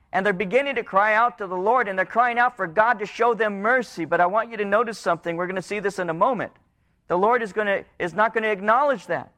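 High-voiced preacher with swinging delivery. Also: male voice. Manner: preaching with swings from high pleading to low hushed tones. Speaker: pastor. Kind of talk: sermon. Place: church.

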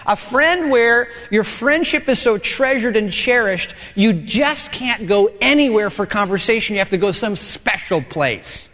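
Male pastor, high voice, chatty and playful sermon delivery with long hall reverb. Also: lively intonation, measured pace, hardly any pauses, fairly bright tone. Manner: conversational, playful, acts out dialogue.

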